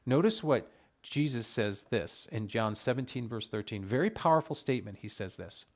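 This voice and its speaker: A man teaches a Bible study in a mid-range voice, reading the verses slowly and pressing each point home with emphatic outbursts of wonder. His delivery swings between quiet explanation and loud, drawn-out emphasis. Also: mid-range voice, animated. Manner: emphatic, exclaims over scripture verses.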